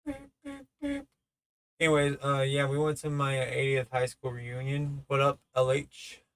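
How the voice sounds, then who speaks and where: In casual storytelling on his solo podcast, a man in his thirties rambles, curses, and keeps stammering and starting over. His mid-range voice is fairly bright, clear and resonant, with a level tone and moderate pace.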